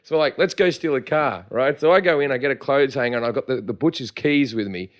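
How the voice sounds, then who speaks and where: An Australian man in casual podcast chat, telling profane, laughing stories at a quick clip. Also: mid-range voice, lively intonation. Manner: fast, profane, laughing storyteller. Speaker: podcast co-host.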